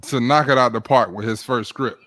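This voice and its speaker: A man's voice: mid-range voice, moderate pace, fairly bright tone. A man hosting a casual roundtable podcast, reacting emphatically to his guest. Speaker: podcast host.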